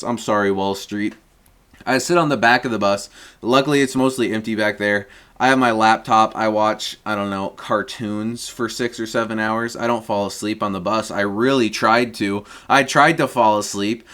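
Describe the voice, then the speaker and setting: A young man tells a long story in a loose, casual rant. He rambles and swears freely, with frequent chuckles. His voice sits in an ordinary middle pitch. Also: fairly bright tone. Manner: rambling, profane, chuckles often. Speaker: streamer.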